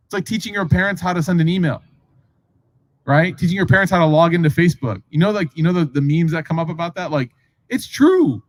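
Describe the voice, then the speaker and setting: A man with a high-pitched voice speaks at a normal pace on a low-quality recording. He's a preacher telling a religious story in a casual lecture style, animatedly acting out the characters' voices and making frequent asides to the audience.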